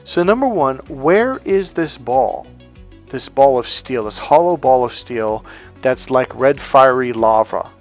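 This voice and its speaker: Man dating coach, lively pitch swings, brash and profane, quiet music underneath. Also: a little slow. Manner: blunt, profane, emphatic, acts out quoted speech. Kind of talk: coaching monologue to men.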